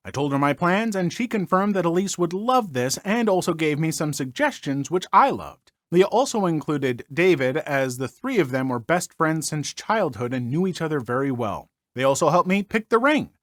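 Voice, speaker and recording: A man from northern Minnesota reading online stories aloud and breaking off for animated, jokey commentary as a podcast host. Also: fairly high pitch, moderate pace, hardly any pauses, dry recording, clean studio sound. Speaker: story narrator and podcast host.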